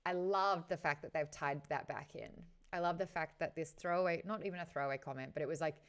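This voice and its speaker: A woman with a low, smooth voice and a quick pace hosts a casual book discussion, talking frankly with her live viewers and swearing now and then. She's the host of a book chat show.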